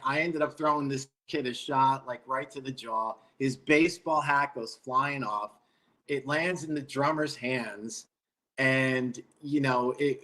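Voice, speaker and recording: A middle-aged man from New York, a guest guitarist telling a road story in a relaxed, rambling way with casual swearing. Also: mid-range voice, low-quality recording.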